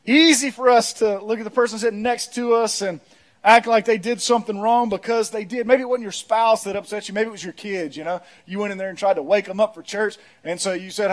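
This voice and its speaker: A male pastor preaching a sermon in a church, telling humorous stories, leading the congregation in call-and-response and rising to shouts. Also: high-pitched, a little fast. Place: church auditorium.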